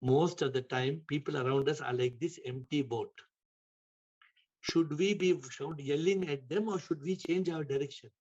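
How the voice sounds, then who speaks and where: A man giving a spiritual talk, telling stories with emphatic repetition and sudden shifts in loudness. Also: fairly high pitch, normal speed, lo-fi sound. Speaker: spiritual teacher. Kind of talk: spiritual talk to an online audience.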